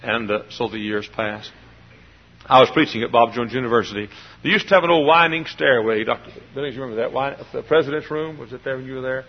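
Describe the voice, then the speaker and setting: A man preaching a storytelling sermon in a folksy way, dropping to quiet asides and rising to loud emphatic bursts. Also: medium pitch, quick pace. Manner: folksy, swings from hushed to loud emphatic outbursts. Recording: dull lo-fi sermon recording.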